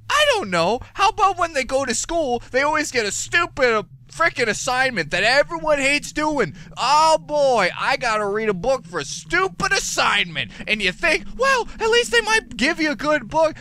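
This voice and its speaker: A man giving gameplay commentary as a let's play gamer, excitable, profane and given to rants. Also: high-pitched.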